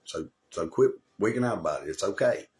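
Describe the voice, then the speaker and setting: A man's voice: sits low, lively intonation, a little fast, a little mellow. A man, telling a rambling, profane personal story as a channel host, boasting and swearing constantly and often losing his thread. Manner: swaggering, boastful, swears constantly, loses the thread and repeats himself.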